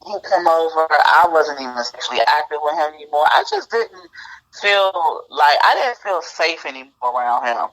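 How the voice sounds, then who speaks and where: A woman with a somewhat low voice tells a personal story as a guest. Her delivery is casual and conversational. She acts out the back-and-forth dialogue as she retells it. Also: lively intonation, normal speed, a bit bright, low-quality recording.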